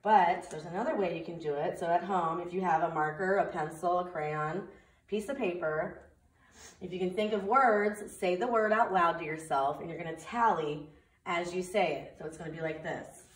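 Woman preschool teacher, slow clear sing-song delivery, circle time read-aloud, off-mic, roomy echo. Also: fairly low pitch, far from the mic.

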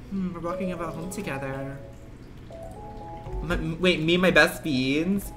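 A male streamer grumbles through a game with crude sarcasm, and his pitch swings widely from low mutters to sudden squeaks. Game music runs loudly under him. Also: expressive, unhurried, long pauses. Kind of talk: casual let's-play commentary.

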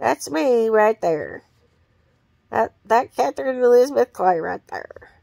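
A woman's voice: a little high, animated, a little slow, vocal fry, mellow, dry recording. A woman talking in a rambling, profane and blunt monologue.

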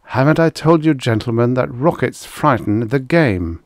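A man's voice: medium pitch, expressive, moderate pace, dry recording, studio quality, voice pushed up, close to an everyday voice. A man voicing an arrogant, bearded rich hunter who talks down to officers in a mocking, imperious way. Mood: scornful.

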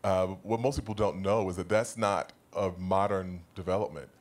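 A man speaking as a panelist in a live discussion, explaining points in a measured, scholarly way. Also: sits low.

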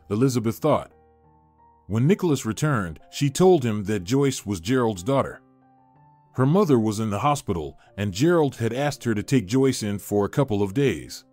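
A man reading a story in scripted narration, with a steady, even delivery. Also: mid-range voice, moderate pace. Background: soft background music.

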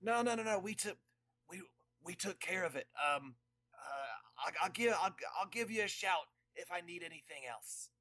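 A man doing an impression of a cranky, frantic older man, in a loud, high, pleading voice. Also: lively intonation, normal speed, no room sound, heavily acted. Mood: flustered.

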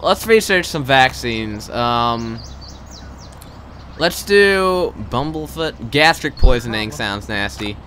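A young man giving live gameplay commentary. He is excitable and swears a lot, swinging between loud outbursts and muttered asides. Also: mid-range voice, takes it slowly, a little hiss or hum.

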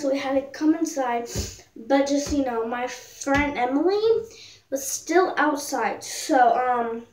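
High-voiced teen girl rambling in an echoey room. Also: darkish tone, distant mic, slight background noise. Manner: rambling, filler-heavy, jokey. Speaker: vlogger. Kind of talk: casual storytime chat. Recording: echoey room, voice a bit off-mic.

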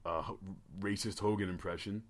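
A man with a fairly low voice co-hosting a casual podcast. He hesitates, restarts and swears freely as he gives his opinions. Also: steady tone, fairly quick. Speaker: podcast co-host.

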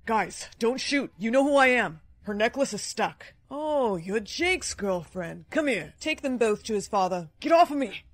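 A woman's voice: fairly high pitch, expressive, unhurried, hardly any pauses. A woman playing a loyal young man who stands up to his father in a short skit, speaking earnestly and pleadingly. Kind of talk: short-video skit acting.

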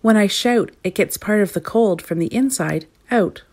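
A woman reading a storybook aloud, voicing a small, freezing male gnome who shouts every line. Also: medium pitch, normal speed, natural voice. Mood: shouting. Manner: shouting, frantic.

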